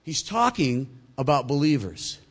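A male pastor delivering a sermon, swinging between loud emphatic points and quiet, low asides. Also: very animated, unhurried, breathy edge.

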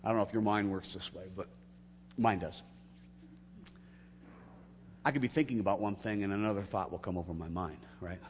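A man preaching a sermon as pastor, telling a story and acting out the dialogue, swinging from hushed to loud. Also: low voice, fairly quick, long pauses, big-room sound, slight background noise.

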